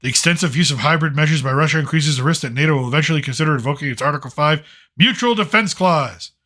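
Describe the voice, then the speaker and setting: A sarcastic man rants through casual late-night commentary with a bright, forceful voice sitting a little high for a man. He talks bluntly and rambles, dropping in curses as he goes. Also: fast. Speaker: late-night show host.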